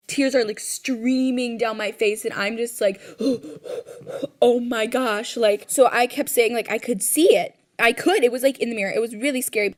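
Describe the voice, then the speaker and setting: A woman retelling a scary personal story in casual, rambling speech full of "like" fillers, recorded at home. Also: a little high.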